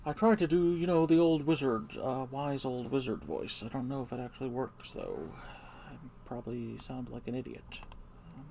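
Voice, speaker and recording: A man's voice: mid-range voice, normal speed, gravelly, darkish tone, a little hiss or hum. A man streaming live, rambling in a hesitant, mumbling, self-deprecating way.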